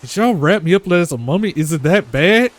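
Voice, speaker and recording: A man voicing a young male adventurer haunted by nightmares, pleading and shouting in anguish. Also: on the high side, expressive, brisk, pitched above the performer's own voice, close to an everyday voice. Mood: teasing.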